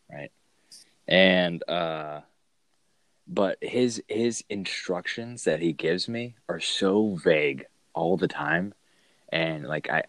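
A man's voice: deep voice, creaky, no room sound. A man in casual chat who laughs easily and rambles through his stories with lots of fillers. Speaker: co-host telling work stories.

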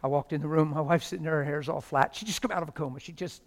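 A middle-aged male pastor preaching with fervent storytelling. His voice sits a little high and jumps between loud exclamations and near-whispered quiet moments. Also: fairly even intonation, racing. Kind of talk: sermon.

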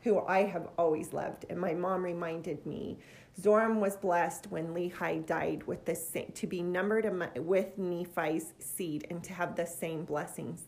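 A woman's voice: fairly low pitch, vocal fry, darkish tone. Middle-aged woman, earnest scripture teacher, casual and heartfelt.

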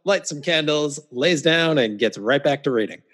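A man with a fairly high voice co-hosts a relaxed podcast chat. He talks in a wry, deadpan way and fills his pauses with "uh" and "um" as he walks through scenes. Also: slightly rough. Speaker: podcast co-host. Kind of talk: casual chat about a film.

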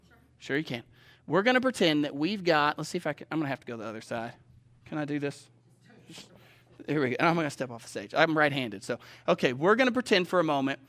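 Pastor, male, high bright voice, chatty sermon on stage, keeps checking in with the crowd. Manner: conversational, asks the audience questions often. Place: stage before a live audience.

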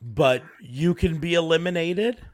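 A man co-hosting a casual chat, rambling with many pauses and fillers. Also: on the high side. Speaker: podcast co-host.

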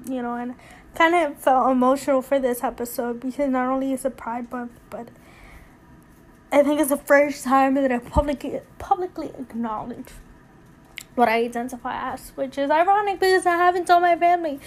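A young woman with a notably high voice talks through a casual solo podcast episode. She rambles candidly, leans on fillers and restarts, and sounds emotional, close to tears. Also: moderate pace. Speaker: podcast host.

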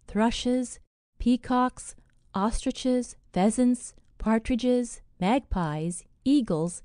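A woman narrating a fairy tale audiobook in a measured, expressive way. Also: on the high side, no room sound, studio quality.

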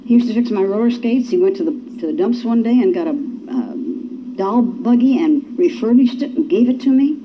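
A woman's voice: medium pitch, animated, a little fast, a little hiss or hum. A woman giving a personal testimony at a recovery meeting. She tells her story in a folksy way and acts out the quotes. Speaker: speaker sharing at a recovery meeting. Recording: dull lo-fi recording.

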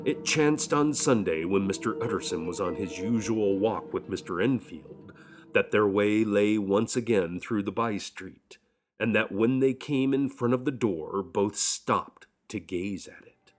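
A man narrating an audiobook in a measured, solemn manner. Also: on the low side. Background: faint violin music.

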